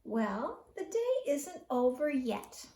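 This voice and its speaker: A woman reads a children's bedtime story aloud, her high voice rising and falling with each line. She takes her time, shaping every sentence for young listeners. The recording has a roomy echo. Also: recorded from a distance. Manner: slow, expressive read-aloud.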